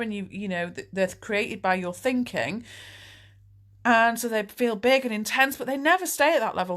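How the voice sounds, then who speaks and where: A woman's voice: mid-range voice, a bit bright. A woman, a life coach answering viewer questions in a candid, chatty, reassuring live Q&A. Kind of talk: live Q&A chat.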